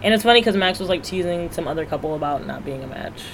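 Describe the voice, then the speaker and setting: Blunt, crude deadpan co-host. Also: mid-range voice, fast talker, a little hiss or hum. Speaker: podcast co-host. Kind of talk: casual reality-TV recap chat.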